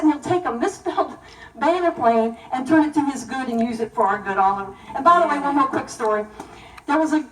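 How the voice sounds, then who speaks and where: A middle-aged woman giving an animated, emphatic storytelling speech as keynote speaker at a banquet. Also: high-pitched. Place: banquet hall. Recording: echoey hall, voice from far off.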